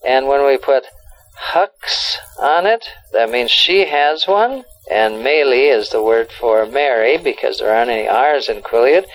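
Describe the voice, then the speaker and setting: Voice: mid-range voice, expressive, unhurried, soft background music, rough recording. A language teacher leading a lesson, explaining words and prompting the learner along.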